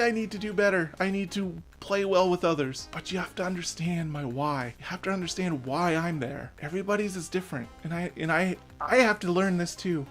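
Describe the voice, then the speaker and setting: A man's voice: fairly high pitch, a bit bright. Earnest man in his thirties ranting. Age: 30s. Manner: earnest, emotional, swearing. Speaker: vlogger. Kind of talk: personal rant.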